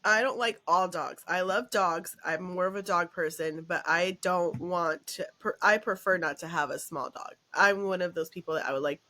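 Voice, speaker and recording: A woman hosting a podcast in casual chat, telling stories in an animated way and laughing often. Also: on the low side, moderate pace, few pauses. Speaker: podcast host.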